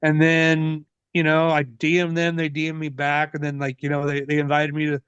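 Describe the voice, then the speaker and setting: A man in his forties, a wrestler being interviewed, telling stories in a casual, profane, animated way. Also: on the high side, moderate pace, clear, resonant tone, dry recording. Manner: profane, animated, laughs often. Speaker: wrestler guest. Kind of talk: casual storytelling. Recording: dull lo-fi dry sound.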